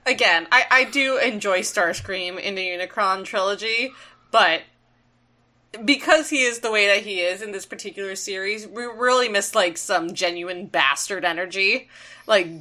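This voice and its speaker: A woman's voice: medium pitch, normal speed, bright, forceful tone. A woman co-hosting a podcast, chatting playfully, teasing her partner and swearing casually. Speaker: podcast co-host. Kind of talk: casual chat.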